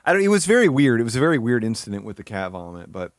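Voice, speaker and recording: A man's voice: mid-range voice, very animated, racing, no echo, studio quality. A young man streaming live, talking casually and rambling, with many restarts and fillers.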